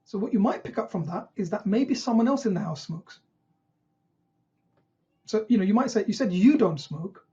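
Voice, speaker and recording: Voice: medium pitch, lively intonation, normal speed, long pauses, dark tone, muffled recording. A GP trainer teaching an online session, who asks rhetorical questions and acts out what patients might say.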